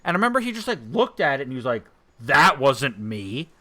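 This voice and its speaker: A man's voice: high voice, very fast. A man chatting casually while playing a video game, telling a rambling anecdote with restarts and swearing. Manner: excitable storyteller, many restarts and swearing. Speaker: let's play co-host.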